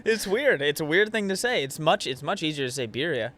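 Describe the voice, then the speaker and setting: Co-host type: man, blunt, opinionated, lively pitch, slightly high voice, quick to laugh. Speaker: podcast co-host. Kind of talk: casual chat.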